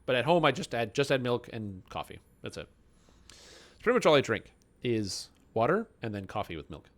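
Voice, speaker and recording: While streaming a game, a young Canadian man chats casually with viewers, answering them with rambling asides and self-mocking jokes. His middle-pitched voice has a sing-song lilt and a moderate pace.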